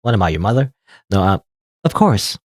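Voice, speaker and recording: A man voicing an earnest, soft-spoken young girl heroine while playing a game, close to his own voice. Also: fairly low pitch, sing-song, brisk, dry recording, voice pushed down. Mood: tender.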